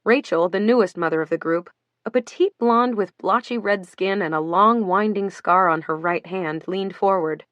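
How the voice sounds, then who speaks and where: A woman reading a novel aloud as an audiobook narrator, in a steady, even storytelling manner. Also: medium pitch, normal speed, dry recording, muffled recording. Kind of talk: scripted narration.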